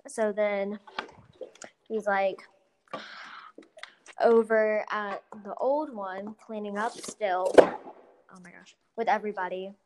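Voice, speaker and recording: In a casual chat, a woman recounts a movie plot in a meandering, filler-heavy way, saying "like" and "blah blah" constantly. She talks slowly with long pauses in a mid-range voice with little pitch movement, over heavy background noise.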